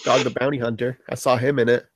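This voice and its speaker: A man's voice: mid-range voice, flat delivery, fast talker, dry recording. A man co-hosting a casual movie review chat, laid-back and wry. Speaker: podcast co-host.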